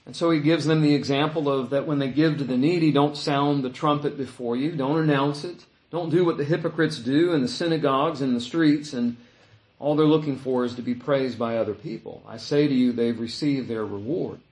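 A man's voice: medium pitch, fairly quick, a little mellow. Easygoing man preaching in an echoey room. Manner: casual, thinking aloud with many fillers. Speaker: pastor. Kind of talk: conversational Bible teaching sermon.

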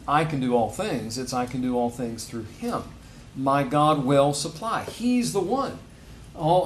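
A man's voice: mid-range voice, a little hiss or hum. A man preaching a sermon in a conversational way, rising to emphatic stresses on key phrases. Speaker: pastor.

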